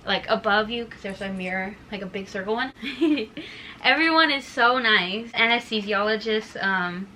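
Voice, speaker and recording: A woman's voice: mid-range voice, moderate pace, sharp tone, slight background noise, low-quality recording. A young woman vlogger telling a personal story in a casual, chatty way, full of fillers and emotion.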